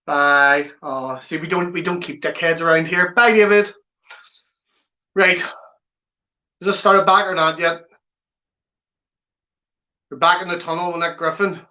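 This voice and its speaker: Bright, unhurried man hosting a live chat. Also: on the high side, steady tone. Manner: chatty, teasing banter with viewers. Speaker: watchalong host. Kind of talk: live football watchalong chat, reading viewer comments. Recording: slightly dull lo-fi audio.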